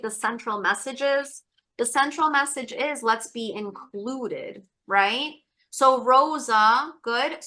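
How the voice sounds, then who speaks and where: A woman tutor leading an online test-prep webinar, coaxing students with encouraging, repetitive questions and quick asides. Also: a little high, sharp tone. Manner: rapid asides, many fillers.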